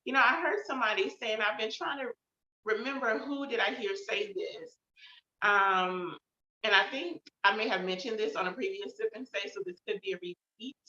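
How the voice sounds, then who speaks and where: A woman hosts her own show, chatting casually and reflectively about how she's feeling, her speech full of fillers. Her voice sits at medium pitch with a sharp tone, and her pace is moderate. The recording sounds roomy and a bit dull.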